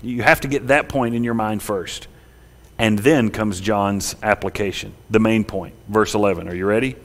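A man pastor preaching a sermon, swelling loud and high at the peaks and dropping quiet and slow in the tender parts. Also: fairly even intonation. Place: church sanctuary.

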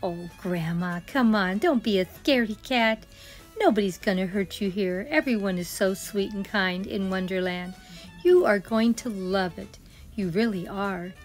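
A woman's voice: mid-range voice, measured pace, faint music behind, close to an everyday voice. A woman voicing a cheerful young girl, Alice, in a sing-song, encouraging way. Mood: reassuring.

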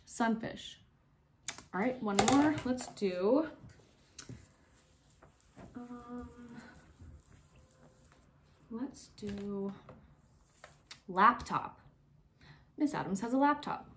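A young woman teacher giving a recorded spelling lesson to young pupils, spelling words out slowly letter by letter and encouraging them. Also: a little high, expressive, a little hiss or hum.

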